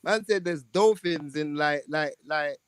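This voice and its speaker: A man's voice: a little high, a little slow, smooth, no echo. A young man, teasing his friends in casual chat and laughing a lot. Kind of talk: casual banter among friends.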